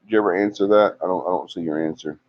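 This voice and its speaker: Deep-voiced man hosting a livestream. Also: rapid-fire. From Alabama. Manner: teasing, chatty, reads viewer comments aloud. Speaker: livestream host. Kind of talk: casual live chat reading comments. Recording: dull lo-fi livestream audio.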